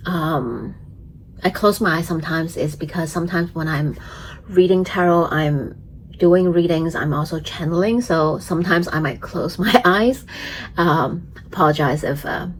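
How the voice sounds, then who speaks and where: A woman astrologer talks through a tarot reading in an unhurried, lingering way, her voice sitting a little low. She sounds gentle and chatty, scattering fillers and small giggles through her explanations. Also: slight background noise, low-quality recording. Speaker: astrologer and tarot reader, channel host.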